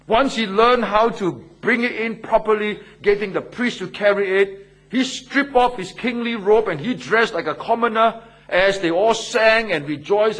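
A man's voice: high voice, fairly bright tone. A male pastor, preaching emphatically and posing rhetorical questions with repeated phrases. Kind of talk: sermon.

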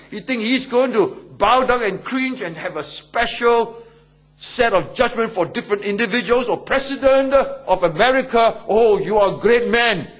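A man's voice: high voice, a bit bright. A male pastor, preaching emphatically and posing rhetorical questions with repeated phrases. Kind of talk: sermon.

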